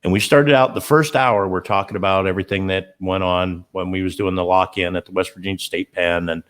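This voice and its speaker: Low-voiced man, casual and eager. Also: fairly even intonation, brisk, a bit bright. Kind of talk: casual chat.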